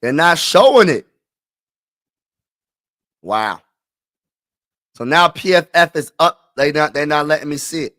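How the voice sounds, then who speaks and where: A man hosting a casual live stream who talks to his chat in slang, repeats himself, and swings from low mutters to frustrated shouting. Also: lively intonation, unhurried, long pauses.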